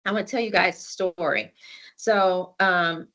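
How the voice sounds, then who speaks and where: A woman's voice: on the low side, steady tone, unhurried, a bit bright. A woman in her forties giving a conversational storytelling presentation over a video call, with many fillers and restarts. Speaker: conference presenter.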